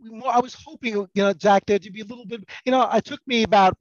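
A man's voice: high-pitched, steady tone, quick pace, dry recording, dull audio. A middle-aged man chatting as a podcast guest, rambling and self-mocking, with many restarts. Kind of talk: casual podcast banter.

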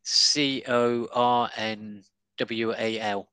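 A man's voice: mid-range voice, steady tone, extremely slow, pushed and bright, smooth, no echo, poor audio. A man, a comedian chatting casually and telling stories with many fillers and restarts. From Devon and Cornwall, England. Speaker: stand-up comedian. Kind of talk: casual conversation.

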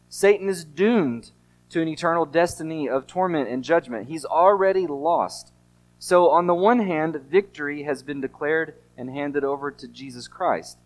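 Male pastor, fairly high voice, earnest emphatic sermon delivery with rhetorical questions.

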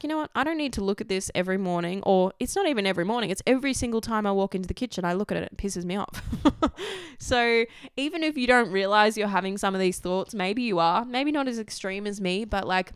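A woman's voice: mid-range voice, clean tone, no echo, studio quality. A young Australian woman talking casually and candidly about her life, rambling a little, swearing freely and laughing often. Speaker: vlogger. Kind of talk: casual personal chat.

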